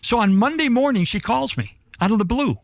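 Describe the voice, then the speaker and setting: A man speaking as a pastor, telling a story in an interview in an earnest, halting way with restarts. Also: extremely high pitch, lively intonation, gravelly, no echo.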